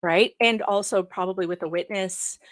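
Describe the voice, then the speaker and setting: A man's voice: high-pitched, moderate pace, fairly bright tone. A man appearing as a comedian guest, trading quippy remarks and laughing often. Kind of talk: casual banter.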